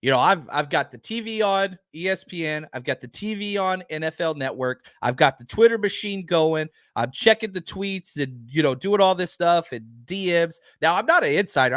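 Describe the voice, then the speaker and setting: This upbeat podcast host talks a little fast, barely pausing as he enthusiastically rambles to his live-stream audience, filler words everywhere. For a man, his pitch runs a bit high. There's no room sound at all; the audio is dry and close-miked.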